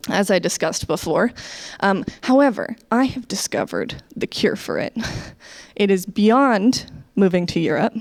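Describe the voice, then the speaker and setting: A woman's voice: mid-range voice, darkish tone. Chatty American woman doing stand-up. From United States. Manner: chatty, self-deprecating, laughs often. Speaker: stand-up comedian. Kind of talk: online stand-up set. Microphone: webcam, leaning in and out.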